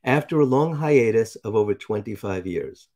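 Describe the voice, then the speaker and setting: A man's voice: on the low side, animated, moderate pace, darkish tone. A man from New York hosting casual commentary, reading articles aloud and sarcastically nitpicking their grammar and pronunciation. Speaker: commentary host.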